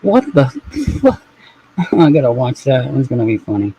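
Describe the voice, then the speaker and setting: Very husky man rambling on a stream. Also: mid-range voice, brisk, mellow, rough recording. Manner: rambling, profane, offhand. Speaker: live streamer. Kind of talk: casual live-stream chat.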